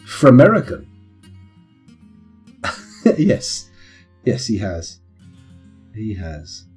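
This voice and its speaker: A man's voice: mid-range voice, lively intonation, moderate pace, mellow, faint music behind. A man with children, chatting casually and rambling into punning tangents while streaming a game. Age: adult with children. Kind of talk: casual live-stream commentary.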